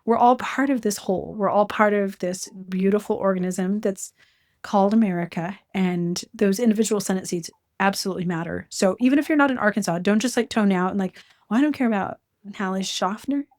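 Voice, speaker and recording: A woman hosting a casual conversation, talking in an animated, talkative way with quick asides. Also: mid-range voice. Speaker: host.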